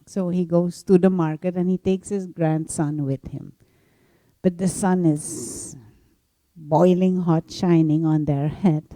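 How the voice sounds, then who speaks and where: A woman meditation teacher telling a story in a gentle spiritual talk, laughing softly now and then. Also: fairly low pitch, fairly even intonation, no echo. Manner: slow, gentle storytelling with frequent soft laughs.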